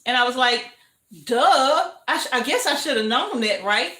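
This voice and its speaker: An older woman hosts a homestead livestream, chatting casually, warmly greeting viewers and laughing often. Her voice is high, bright and expressive, and she talks slowly and easily. Her kitchen echoes around her.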